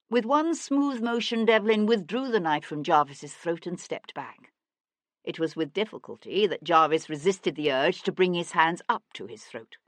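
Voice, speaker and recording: A woman narrating an audiobook in a measured, dramatic reading. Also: low-pitched, dry recording. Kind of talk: scripted narration.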